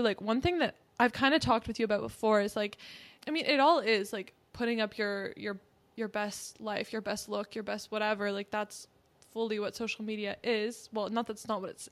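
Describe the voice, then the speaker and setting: A young woman in her early twenties co-hosts a casual podcast, her voice set a little high. She rambles through her thoughts with plenty of fillers. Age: early 20s. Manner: rambling, filler-heavy, laughs often. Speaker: podcast co-host. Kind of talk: casual chat.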